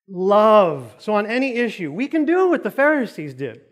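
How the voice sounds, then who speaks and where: A man's voice: high-pitched, sing-song, fairly quick, few pauses. A man preaching a sermon in a church, telling a joking story with lots of energy. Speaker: pastor. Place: church auditorium.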